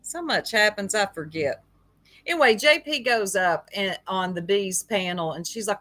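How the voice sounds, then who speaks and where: A woman's voice: medium pitch, expressive, moderate pace, pushed and bright. A woman hosting a casual livestream, gossiping with chat and greeting viewers by name, laughing often. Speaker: livestream host.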